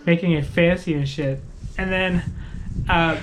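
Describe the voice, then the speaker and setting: A man's voice: fairly high pitch, fairly even intonation, a little slow, faint music behind, poor audio. A man co-hosting a casual podcast, telling a story in a loose, profane way, full of fillers and restarts. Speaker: podcast co-host. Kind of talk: casual chat.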